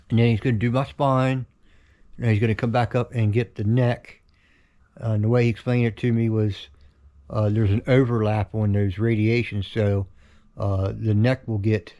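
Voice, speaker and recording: Tired middle-aged man, halting home-video talk, warm-dark tone, muffled lo-fi sound. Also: on the low side. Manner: tired, halting, yawning often. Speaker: vlogger sharing his cancer journey. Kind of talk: casual home video update. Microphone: camera held in his own hand.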